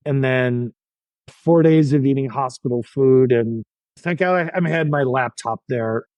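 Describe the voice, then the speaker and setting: A man's voice: medium pitch, a little slow, darkish tone, no echo, low-quality recording. A middle-aged man telling his own story as a podcast guest, frank and self-deprecating, with frequent restarts. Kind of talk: candid personal storytelling.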